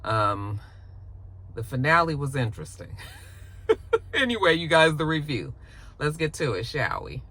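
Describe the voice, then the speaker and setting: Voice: mid-range voice, very animated, measured pace, pauses often, pushed and bright. A show reviewer recapping an episode in a casual, colloquial vlog, acting out the characters' lines as they go. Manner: chatty, colloquial, acts out quoted lines.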